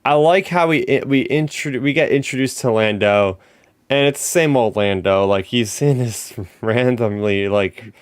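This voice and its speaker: This podcast host's medium-pitched voice is clear and resonant, captured in a dry, clean studio recording. At a moderate pace, he gushes like an excited fan in casual chat, constantly saying "like" and restarting his sentences.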